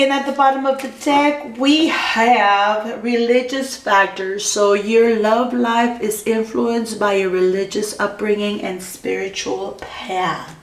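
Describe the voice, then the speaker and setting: A woman's voice: medium pitch, recorded from a distance, slight background noise. Gushing woman tarot reader in a roomy room. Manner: keeps addressing the viewer by star sign, gushing and reassuring. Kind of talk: tarot reading vlog. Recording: roomy, voice from off the mic.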